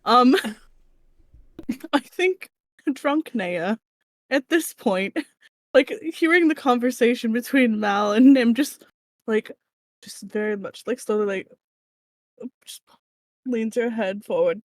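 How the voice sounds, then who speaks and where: A woman playing her character at a tabletop game, speaking in a halting, amused way. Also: fairly high pitch, dry recording. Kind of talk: casual in-character roleplay chat.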